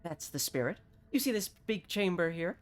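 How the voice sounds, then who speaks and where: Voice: mid-range voice, expressive, normal speed, a little hiss or hum, lightly acted. A streamer voicing a curt female engineer. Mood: brusque. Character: brusque female chief engineer, short-tempered. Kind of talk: reading game dialogue aloud.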